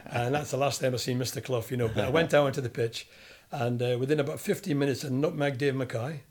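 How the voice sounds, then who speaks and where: A man's voice: medium pitch, fast talker. An older Scottish man, a former footballer, recounting anecdotes in an interview and acting out the voices of people he quotes. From Scotland. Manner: animated storyteller, acts out quoted voices. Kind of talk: storytelling interview.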